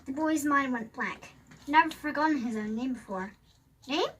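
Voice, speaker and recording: A bright, high young voice reads a storybook aloud and chats along, quick to echo the lines. A faint hiss sits under the recording. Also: female voice. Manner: chatty, quick, joins in and echoes lines. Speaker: listener who also reads aloud.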